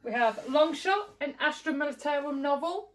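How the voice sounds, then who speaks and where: A woman's voice: sits high, animated, normal speed. A woman co-presenting a casual shop unboxing, playful and teasing.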